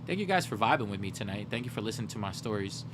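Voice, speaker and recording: A man's voice: lowish voice, big pitch swings, rapid-fire, background noise. A young man chatting casually to his livestream audience late at night while browsing movies. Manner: rambling, talks to chat while browsing.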